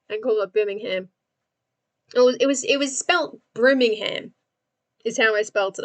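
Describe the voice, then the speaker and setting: A young Australian woman hosting a livestream, chatting casually and laughing often while she works and answers her viewers. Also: fairly high pitch. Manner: giggly, chatty, talks to chat while working. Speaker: livestream host.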